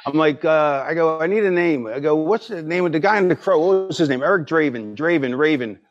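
A middle-aged man telling wrestling stories on a podcast, animated and acting out quoted voices. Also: on the high side, a little fast, muffled recording, soft background music. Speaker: podcast guest. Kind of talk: casual storytelling.

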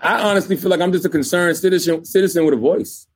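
A man from South Carolina, a radio host guesting on an interview, talking in a relaxed, chatty way. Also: high-pitched, fast, breathy edge. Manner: relaxed, chatty, many fillers like "you know". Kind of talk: candid interview conversation.

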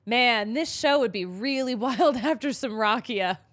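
A young woman co-hosting a sports talk podcast, her voice sitting a little high. She is bubbly and laughs easily as she chats. Even the sponsor read comes out upbeat. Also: unhurried. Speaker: podcast co-host. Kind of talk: casual chat with ad read.

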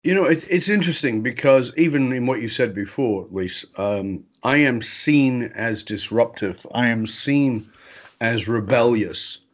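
Male guest, mid-pitched, animated storyteller who acts out dialogue; slightly dull lo-fi recording. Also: unhurried. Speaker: interview guest. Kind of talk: storytelling in a conversation.

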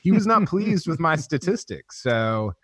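A man's voice: on the high side, very animated, a little slow, fairly bright tone, breathy edge, dry recording, clean studio sound. A man who is a golf writer, chatting wryly on a podcast with stammering starts. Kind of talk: casual podcast chat.

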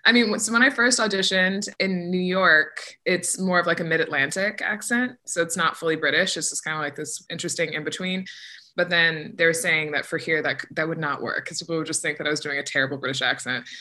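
A woman's voice: low-pitched, steady tone, brisk, sharp tone. An American woman, a stage actress, chatting casually in an interview, with lots of "like" fillers and frequent laughter. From United States. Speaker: musical theatre actress, guest.

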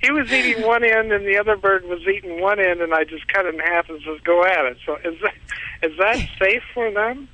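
A man's voice: sits high, brisk, sharp tone, lo-fi sound. A man calling in, telling a long story in a rambling, repetitive way and laughing at himself. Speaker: caller. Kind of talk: casual phone-in storytelling.

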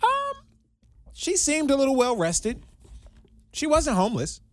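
A man's voice: very high voice, huge pitch swings, measured pace, no room sound. A man co-hosting a podcast, telling a story in casual chat and laughing often. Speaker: podcast co-host.

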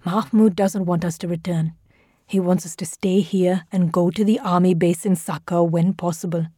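A man's voice: high-pitched, fairly even intonation, normal speed, warm tone, no echo, clean studio sound. A woman voicing an edgy, hot-tempered male school official. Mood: grim. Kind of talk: audio drama reading.

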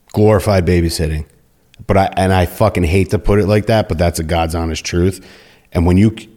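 Blunt, swearing deep-voiced former prison officer. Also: male voice. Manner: blunt, heavy swearing, animated retelling with quoted dialogue. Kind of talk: casual storytelling in an interview.

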